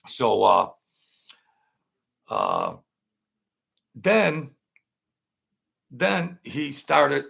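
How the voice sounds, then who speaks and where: A man's voice: medium pitch, wildly swooping pitch, drawn-out words, gravelly, pauses often, a bit bright, husky. An older man, telling a rambling story in street slang and often repeating himself. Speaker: channel host. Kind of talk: casual storytelling.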